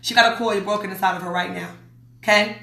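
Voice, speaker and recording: A woman's voice: medium pitch, fairly even intonation, fast talker, vocal fry, fairly bright tone, reverberant. A woman from Las Vegas hosting a livestream, reading viewer comments aloud in a blunt, emphatic way and repeating her warnings. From Las Vegas, USA. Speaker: host.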